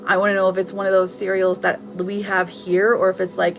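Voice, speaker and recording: A woman giving casual tarot readings on a live stream, chatting warmly with viewers and laughing often. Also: mid-range voice, monotone, a little fast, gravelly, faint music behind, rough recording.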